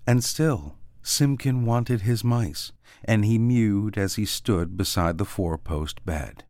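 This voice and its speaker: A man reading a storybook aloud in a gentle, expressive read-aloud manner with soft dips. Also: on the low side, takes it slowly, no echo.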